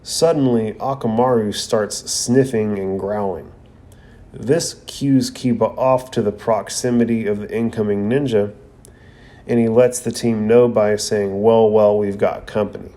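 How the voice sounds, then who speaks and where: A man's voice: fairly low pitch, steady tone, unhurried, warm tone. A man hosting a podcast, recapping an anime episode in a casual, slangy way with asides.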